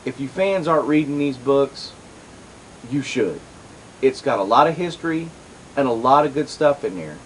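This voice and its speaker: A man's voice: mid-range voice, animated, moderate pace, slight background noise, low-quality recording. Chatty man hosting a comics show. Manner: rambling, chatty, full of asides and restarts. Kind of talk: casual chat and commentary.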